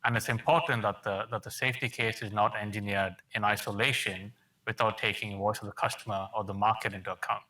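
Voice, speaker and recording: Low, bright-toned man thinking aloud. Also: fairly even intonation, fast, poor audio. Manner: reflective, posing rhetorical questions. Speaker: engineering executive panelist. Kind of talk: panel discussion answer.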